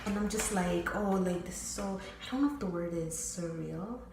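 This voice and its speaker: A young woman vlogger tells her viewers a candid, rambling personal story, packed with fillers and swearing. Her voice is lowish and her pace moderate, with music playing behind her. The room she's in is very echoey.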